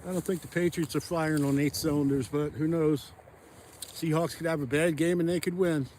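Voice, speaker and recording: A man with a slightly higher voice chats casually as he ice fishes on a frozen pond, thinking out loud and wandering between thoughts. He is recorded outdoors on a phone camera, with a faint hiss of noise behind him. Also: fairly even intonation, fairly quick. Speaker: fishing vlogger. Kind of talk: casual narration while ice fishing.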